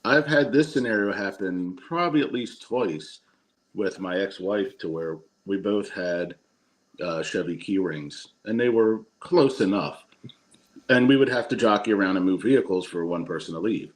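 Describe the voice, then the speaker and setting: A middle-aged man on a podcast, telling a story about his ex-wife's car keys in a relaxed, dry way. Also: on the low side, normal speed. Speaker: podcast co-host. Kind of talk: casual chat anecdote.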